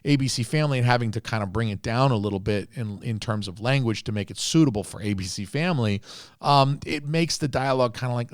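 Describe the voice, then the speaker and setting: A man's voice: medium pitch, a little fast, dry recording, studio quality. A man co-hosting a podcast, rambling through a casual movie review and swearing freely. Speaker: podcast co-host.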